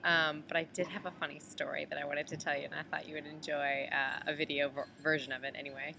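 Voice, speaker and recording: A woman's voice: deep voice, level tone, quick pace, creaky, background noise. A woman from the United States recording a casual video message to a friend from an airport layover, chatty and full of "like" and "um". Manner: chatty, heavy use of "like" and "um". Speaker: traveler on a layover.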